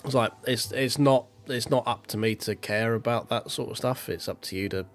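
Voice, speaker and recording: A man's voice: medium pitch, normal speed, soft background music. A millennial man, ranting bluntly and swearing freely in casual stream chat. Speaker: sim racing streamer.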